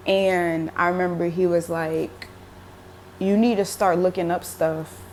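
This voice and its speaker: A woman's voice: lowish voice, steady tone, measured pace, a little mellow, a little hiss or hum. A young woman telling a religious dream in a casual, emotional way, with many fillers like "like" and "um". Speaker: religious vlogger. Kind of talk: casual spoken dream testimony.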